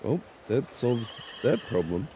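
A man's voice: mid-range voice, big pitch swings, takes it slowly, mellow, slight background noise. A man voicing a clumsy, sheepish old man adventurer who speaks mildly and hesitantly in a tabletop game. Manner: mild, apologetic, hesitant.

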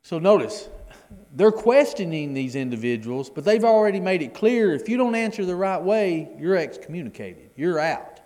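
A man's voice: high voice, expressive, normal speed, darkish tone, in a large hall. A middle-aged man teaching a Bible class in a conversational way, often repeating his words as he explains the reading. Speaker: preacher.

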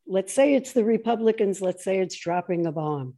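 Woman guest, mellow tone; animated, mocking political commentary. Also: normal speed. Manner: animated, mocks opponents in shrill voices. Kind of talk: political conversation.

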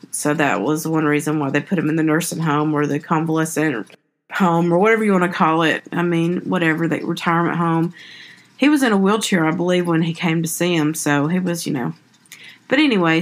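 Rambling woman recapping a movie. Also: sits low. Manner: rambling, self-correcting retelling with hedges. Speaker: podcast host. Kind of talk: casual film recap.

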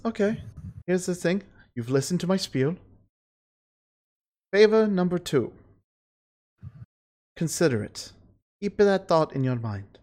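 A game master voicing a crude, scheming female fey courtier who makes a profane, persuasive sales pitch in a tabletop game. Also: darkish tone. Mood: businesslike. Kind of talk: tabletop role-play.

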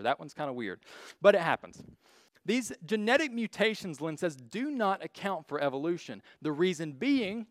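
A man's voice: fairly high pitch, no echo, clean studio sound. Blunt, joking man giving a slide lecture. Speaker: speaker teaching a class on faith and evolution.

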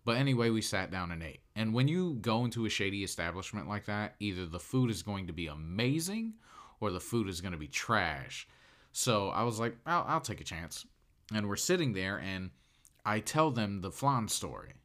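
A man's voice: on the low side, very animated, normal speed, a bit bright. Laughing, casual young man telling a story. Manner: laughs often, swears, lots of "like". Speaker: podcast storyteller. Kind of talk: casual personal anecdote.

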